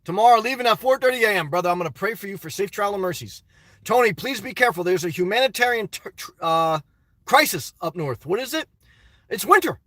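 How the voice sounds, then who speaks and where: A man's voice: high-pitched, lively intonation, quick pace, pushed and bright, no echo. A middle-aged man chatting casually on a live stream from his parked car, reading out viewers' messages and calling them brother.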